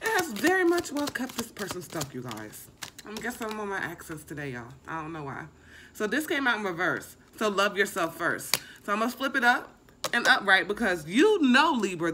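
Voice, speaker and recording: Young woman tarot reader, lively swooping pitch, bright tone, faint background noise, emphatic and profane. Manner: emphatic, swears freely, repeats words. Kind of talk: casual tarot reading.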